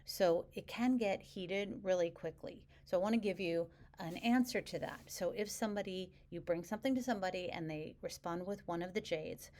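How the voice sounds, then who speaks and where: A middle-aged woman talks straight to camera as a couples coach, calm and even in her delivery. Her voice sits a little low, and she slips into short example lines to show how a partner might sound. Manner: calm, measured, explains with acted example phrases. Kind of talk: direct-to-camera advice video.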